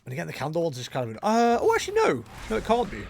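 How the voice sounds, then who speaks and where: A man's voice: on the high side, wildly swooping pitch, very fast, vocal fry. A young man giving casual, jokey gameplay commentary as a streamer, chatting with his viewers. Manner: jokey, self-mocking, chatty with chat. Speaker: game streamer.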